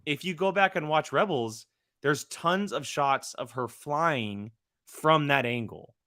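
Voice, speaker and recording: A young man co-hosting a casual fan podcast, excitable and teasing as he talks. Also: a little high, slow, no room sound, clean studio sound. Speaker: podcast co-host.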